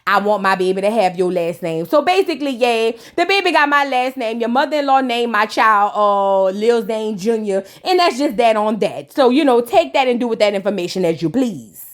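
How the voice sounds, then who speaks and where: A woman's voice: fairly high pitch, animated, normal speed, natural voice. A woman voicing a brash young baby mother who explains herself bluntly and offhandedly.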